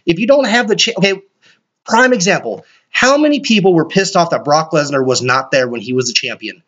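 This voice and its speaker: A man hosting a solo podcast, rambling excitably and swearing often. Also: a little high, a little fast. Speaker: podcast host. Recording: dull lo-fi recording.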